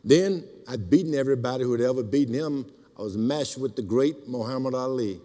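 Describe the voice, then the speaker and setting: An older man tells lively stories to a crowd, acting out each quoted line. His voice sits at an ordinary middle pitch. A long hall reverb trails behind every word. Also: fairly quick. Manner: animated, acts out quotes. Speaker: speaker. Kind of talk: storytelling speech.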